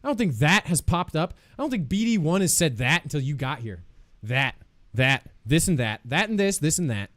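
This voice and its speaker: A man's voice: a little high, very animated, moderate pace, fairly bright tone, dry recording. A man streaming live, chatting casually with viewers in a playful, joking way, laughing often and swearing freely.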